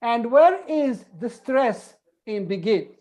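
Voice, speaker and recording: Female English teacher, fairly high, unhurried delivery; repeats each example word and breaks the rule into steps. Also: lively intonation, warm tone. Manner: patient, repeats and spells out examples step by step. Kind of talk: online group English lesson.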